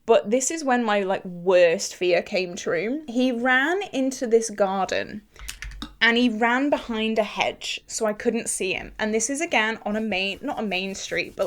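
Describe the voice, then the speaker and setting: A young woman chatting casually to the camera while doing her makeup, telling a story in an animated, exclamatory way. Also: mid-range voice. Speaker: beauty vlogger.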